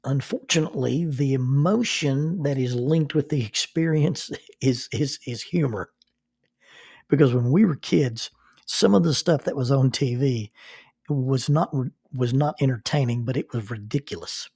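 An older man, a minister hosting his own podcast, telling personal stories in an unhurried, reflective way and chuckling as he remembers. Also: medium pitch, expressive, gravelly, darkish tone, husky, dry recording, clean studio sound. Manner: unhurried, chuckles while recalling.

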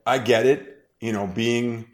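A man's voice: medium pitch, fairly even intonation, slow pace. Blunt Boston-accented man. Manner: blunt, profane, emphatic ranting. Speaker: podcast guest. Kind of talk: casual podcast chat.

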